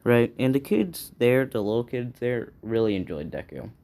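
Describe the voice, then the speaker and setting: A man's voice: mid-range voice, big pitch swings, normal speed, mellow. A man improvising a fan story aloud, rambling and hesitant as he thinks it up.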